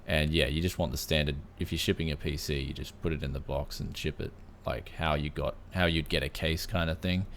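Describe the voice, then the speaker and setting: Laid-back Aussie host, deep voice, easygoing tech chat full of "man". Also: steady tone, brisk, fairly bright tone, a little hiss or hum. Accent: Australian. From Australia. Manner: laid-back, says "man" often, many fillers. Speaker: podcast host. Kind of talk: casual tech podcast chat.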